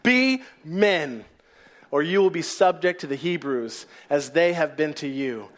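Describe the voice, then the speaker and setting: A man's voice: on the high side, animated, unhurried, a bit bright. A man preaching a sermon voices a bold ancient male war chief giving a rousing battle cry.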